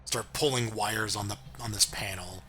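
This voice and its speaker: A man co-hosting a podcast, slowly and hesitantly summarising a cartoon scene. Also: on the low side, steady tone, crowd noise. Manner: slow, hesitant, quiet agreeing and short summaries. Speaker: podcast co-host. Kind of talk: casual chat recapping a cartoon episode.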